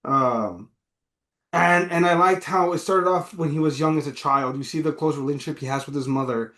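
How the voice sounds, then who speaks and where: Male podcast co-host, slightly high voice, excitable and rambling, echoey room. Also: normal speed. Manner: animated, profane, rambling. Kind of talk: casual movie review chat.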